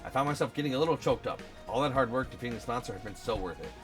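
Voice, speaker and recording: Fast-reading male let's play host, dry asides, game music behind. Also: medium pitch.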